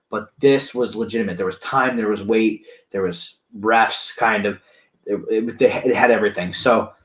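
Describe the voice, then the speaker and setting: Excited rambling man in an echoey room. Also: on the low side. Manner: excited, rambling, restarts and acts out cheering. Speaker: vlogger recounting a competition. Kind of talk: casual storytelling to camera.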